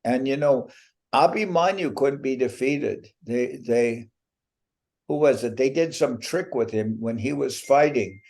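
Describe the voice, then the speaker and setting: This time the teacher's voice sits at medium pitch with a darkish tone. Over a video call with his devotees, he gives a talk full of playful teasing, chatting, joking and stretching his punchlines out.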